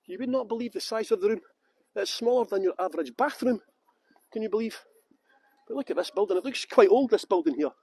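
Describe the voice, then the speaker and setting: A man's voice: sits high, lively intonation, fairly quick, a little mellow, breathy edge, no echo, rough recording. A man with a Scottish accent, guiding a live-streamed walking tour outdoors, chatting and joking with viewers through a handheld phone. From England. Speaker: tour guide. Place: outdoors in castle grounds.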